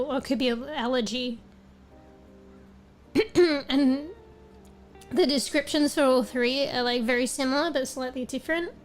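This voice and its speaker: Woman streamer, high pitch, losing her voice, rambling casual chat, faint music behind. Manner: rambling, casual, swears often.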